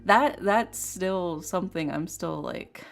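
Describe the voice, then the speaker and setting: This young woman, a tarot streamer, vents openly and with profanity about a hurtful personal experience in a casual chat. She speaks slowly and expressively in a fairly low, gravelly voice, with faint lofi music behind.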